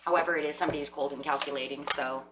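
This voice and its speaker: A tarot reader with a low, steady voice talks very fast straight to her viewers, acting out imagined lines from the people she describes. The recording is very noisy.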